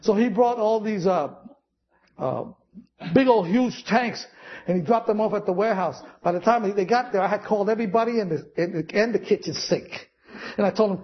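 A man's voice: high voice, dull audio. A man preaching a sermon, telling stories with acted-out quotes and chuckling as he goes. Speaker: pastor.

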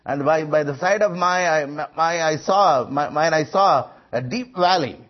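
A man's voice: on the high side, unhurried. A man preaching a sermon, emphatic and rising on quoted lines, with frequent hesitations. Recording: muffled lo-fi recording.

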